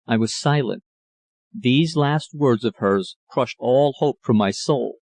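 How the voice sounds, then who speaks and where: A man narrating a classic novel in a measured, literary reading style. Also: medium pitch, a little mellow, dry recording. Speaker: audiobook narrator. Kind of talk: scripted narration.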